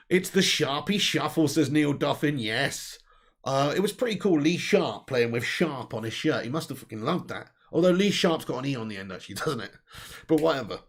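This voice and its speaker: A man's voice: fairly high pitch, animated, normal speed. A man hosting a casual livestream, reading out viewer comments and bantering, swearing and laughing often. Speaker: livestream host. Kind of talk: casual live-stream chat reading comments.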